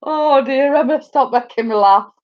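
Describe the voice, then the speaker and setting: A woman's voice: sits high, moderate pace. A woman chatting casually with viewers on a live stream, telling funny stories and laughing often. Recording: dull lo-fi sound.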